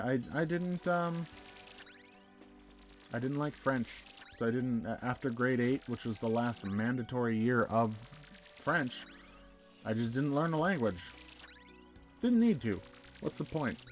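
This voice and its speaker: Rambling chatty male streamer. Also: mid-range voice. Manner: rambling, chatty, answers chat messages aloud. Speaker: live streamer. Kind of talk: casual chat while gaming.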